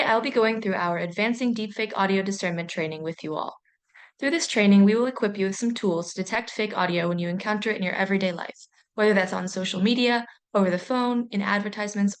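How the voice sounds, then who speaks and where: A young adult woman from a university, reading a training presentation in a clear, measured, explanatory way. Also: mid-range voice.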